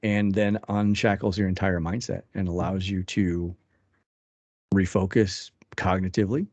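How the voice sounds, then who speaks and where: A man's voice: deep voice, flat delivery, measured pace, darkish tone, no room sound. A man in his thirties co-hosting a casual talk show, reading items from a list and adding joking asides. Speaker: podcast co-host. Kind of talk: casual chat. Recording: dull lo-fi, dry sound.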